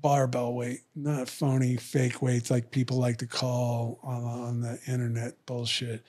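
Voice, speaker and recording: A man's voice: medium pitch, completely flat delivery, unhurried, hardly any pauses, darkish tone, husky. A middle-aged man telling stories in casual chat, blunt and profane, acting out both sides of old arguments. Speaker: guest. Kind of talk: casual storytelling.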